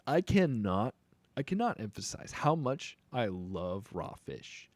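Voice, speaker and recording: A man's voice: mid-range voice, no echo. A young man chatting casually on a live stream while making beats, joking and rambling playfully.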